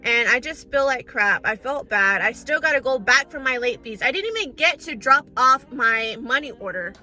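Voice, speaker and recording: A woman's voice: high-pitched, animated, normal speed, pushed and bright, faint music behind. A young woman telling a storytime vlog to her viewers, chatty and exasperated, calling them y'all and girl. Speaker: storytime vlogger.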